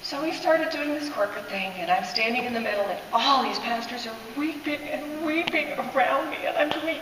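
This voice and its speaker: A woman's voice: high-pitched, moderate pace, noisy background. A woman telling a personal testimony in church, in emotional, breathless storytelling. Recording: echoey hall, speaker far from mic.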